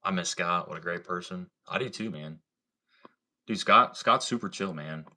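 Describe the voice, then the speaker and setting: Livestream host, male, low register, crisp bright tone, casual and profane, full of "bro" and "like". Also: moderate pace. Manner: laid-back, profane, slangy, lots of "like" and "bro". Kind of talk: casual livestream storytelling and chat.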